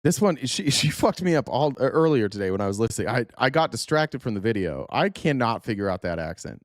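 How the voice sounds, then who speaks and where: A man's voice: medium pitch, very animated, fairly quick, no room sound, studio quality. A man hosting a livestream, reacting to a video with rambling, profane, laughing asides. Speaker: streamer host reacting to a video. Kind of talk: casual livestream commentary.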